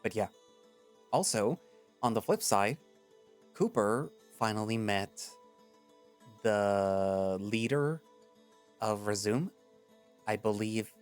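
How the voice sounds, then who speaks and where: A man's voice: fairly low pitch, animated, takes it slowly, pauses often, faint music behind. A man reading a story aloud in first-person narration. In his recaps between chapters he rambles loosely and fills gaps with fillers. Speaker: story reader.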